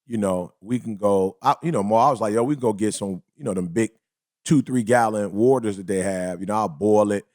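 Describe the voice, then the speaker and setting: A man co-hosting a casual podcast chat, telling stories in a lively, slangy way and acting out other people's lines. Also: fairly low pitch, brisk, dry recording, studio quality. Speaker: podcast co-host.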